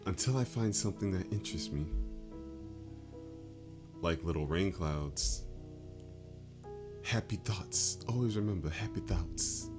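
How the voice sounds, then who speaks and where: A man reading aloud as a gloomy teenage schoolgirl narrator from a game, in a flat voice. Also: low-pitched, a little slow, long pauses, over music. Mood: quiet, downcast.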